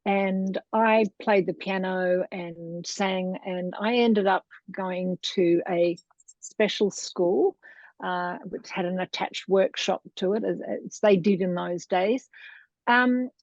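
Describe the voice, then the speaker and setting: A woman's voice: medium pitch, steady tone, slow pace, no room sound. A middle-aged Australian woman telling her story in a casual interview, chatty and wandering, laughing often. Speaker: guest, Montessori lecturer. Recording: dull, dry lo-fi sound.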